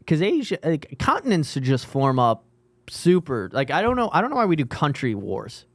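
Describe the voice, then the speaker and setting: A man riffing and joking in casual podcast banter. His voice sits a bit high for a man. It is heard close and dry. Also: huge pitch swings, normal speed, dry recording. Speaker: comedian, podcast co-host.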